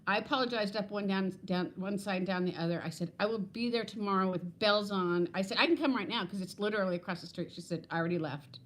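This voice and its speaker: A woman in her 50s hosts a relaxed livestream from her phone at home, wandering between subjects, laughing a lot and calling out viewers by name. She talks quickly with hardly any pauses, her medium-pitched voice a bit bright.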